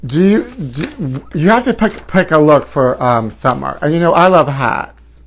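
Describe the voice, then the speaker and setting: A man's voice: fairly high pitch, lively intonation, measured pace. A man in his forties hosting a live gossip talk show, flamboyant and sassy, calling his viewers honey. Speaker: host.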